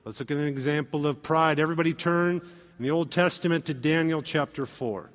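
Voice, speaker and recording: A man preaching a sermon in an animated way, acting out quoted voices with humor. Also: a little high, fairly quick, big-room sound. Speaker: pastor.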